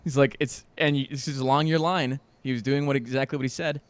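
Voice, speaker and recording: A man's voice: medium pitch, fast talker, no echo. Laughing man on a dry close mic. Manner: animated, laughs often, mimics people in his stories. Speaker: podcast co-host. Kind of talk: casual chat.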